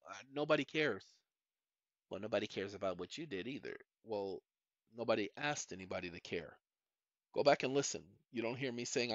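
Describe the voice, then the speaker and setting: Fairly quick and mid-range, a middle-aged man's voice carries a rambling personal monologue on the channel he hosts. He talks straight to his viewers and repeats "ladies and gentlemen," captured in a dry, muffled lo-fi recording.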